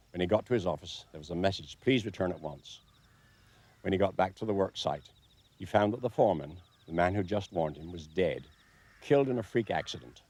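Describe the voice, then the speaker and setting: Documentary presenter, man, very low voice, measured and dry delivery. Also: a little mellow. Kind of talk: documentary narration to camera.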